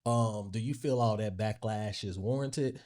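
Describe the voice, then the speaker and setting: A man hosting a podcast, asking questions in a relaxed way and answering with short okays. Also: lowish voice, unhurried. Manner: relaxed questioning with "um" and "okay" acknowledgments. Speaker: podcast host. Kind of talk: casual interview questions.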